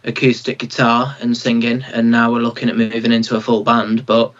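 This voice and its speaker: A man's voice: medium pitch, monotone, a little fast, a bit bright, muffled recording. A young man from Manchester with a Mancunian accent, speaking as a singer-songwriter guest, plain-spoken and proud, with lots of "like". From Manchester, England. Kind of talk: casual interview.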